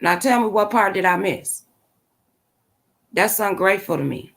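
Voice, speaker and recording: A gravelly, expressive mid-range voice at normal speed belongs to a woman hosting her own channel. She riffs casually to her live chat, opinionated, blunt and sassy, with slang throughout.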